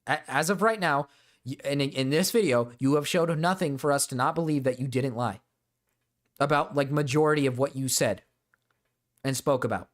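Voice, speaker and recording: A man's voice: medium pitch, moderate pace. A man streaming a reaction to a video, ranting in a profane, exasperated way at his chat. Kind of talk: reaction commentary.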